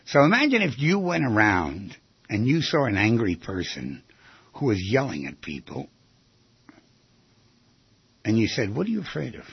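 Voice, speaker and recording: A man giving an animated talk, firing off rhetorical questions and acting out quoted voices, on a slightly muffled lo-fi recording. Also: lowish voice, a little slow, pauses often, breathy edge, no room sound. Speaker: speaker giving a talk on relationships. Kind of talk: animated lecture to an audience.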